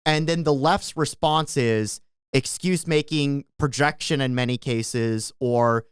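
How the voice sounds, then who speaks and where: Podcast guy, smooth clear voice, dry close mic, walks through his point step by step. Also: medium pitch, a little slow, no echo. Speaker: podcast co-host. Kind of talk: casual political discussion.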